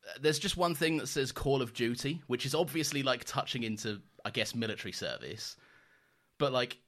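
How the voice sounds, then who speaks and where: A man's voice: medium pitch, moderate pace, fairly bright tone. A man co-hosting a casual podcast, swearing freely and laughing often as he talks. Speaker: podcast co-host. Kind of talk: casual chat.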